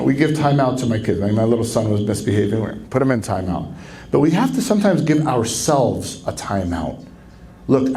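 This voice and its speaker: Male marriage counselor at a conference, mellow dark voice, lively lecture with acted-out quotes. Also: slight background noise, poor audio. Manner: animated, acts out quoted speech with sharp pitch jumps. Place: conference venue.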